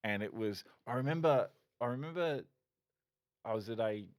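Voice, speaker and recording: A man's voice: mid-range voice, expressive, normal speed. A middle-aged man, a former police officer, telling his story candidly as a podcast guest, swearing and restarting often.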